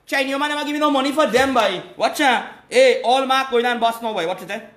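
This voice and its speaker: A man's voice: extremely high pitch, fast talker, a bit bright, reverberant. A man, hosting a live call-in stream, talking in an agitated, repetitive way. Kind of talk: casual live call-in chat.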